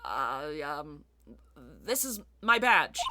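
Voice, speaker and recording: A woman's voice: deep voice, sing-song, takes it slowly, loud music behind the voice, pitched below the performer's own voice, full character voice. A woman voicing a timid young male defense lawyer, speaking in a hesitant, mumbled way during a game play-through. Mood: sheepish.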